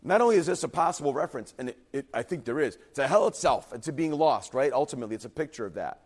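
A man preaching a sermon in an earnest, emphatic way, and his voice at times falters and turns quiet and husky. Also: medium pitch, lively intonation, quick pace. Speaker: pastor.

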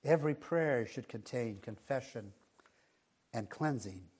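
A man preaching a sermon, measured, often dropping to a hush on key words. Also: mid-range voice, slightly rough.

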